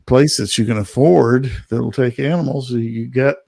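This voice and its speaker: A man hosting a casual chat, relaxed and peppered with "you know". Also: mid-range voice, moderate pace, vocal fry, no echo. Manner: relaxed, frequent "you know" and backchannel murmurs.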